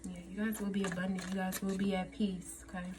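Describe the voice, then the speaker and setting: A woman's voice: mid-range voice, little pitch movement, quick pace, background noise. Chatty emotional lady doing a tarot reading, keeps saying okay and y'all. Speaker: tarot reader. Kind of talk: casual tarot reading to viewers.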